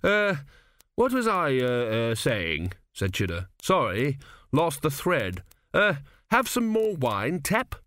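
A man's voice: mid-range voice, wildly swooping pitch, takes it slowly, a bit bright, no echo, studio quality, pitched above the performer's own voice, exaggerated voice. A man voicing a chatty young merchant's son who rambles on eagerly about business, in an audiobook. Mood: flustered. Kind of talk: audiobook character voice.

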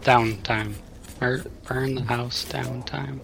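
Slow, bright-voiced male player. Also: mid-range voice, fairly even intonation, creaky, poor audio. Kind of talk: tabletop role-play.

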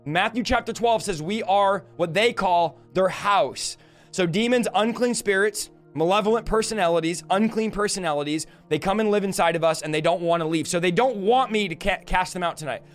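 High-voiced man teaching on a livestream. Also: faint music behind. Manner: earnest, fast teaching with lists and rhetorical questions. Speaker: deliverance minister.

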